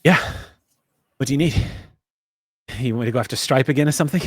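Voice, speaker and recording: A man's voice: medium pitch, a little fast, slightly rough, no room sound, studio quality, lightly acted. Man playing a keen young female fighter, eager to prove herself. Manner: eager and excitable. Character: eager young spear-carrying woman fighter.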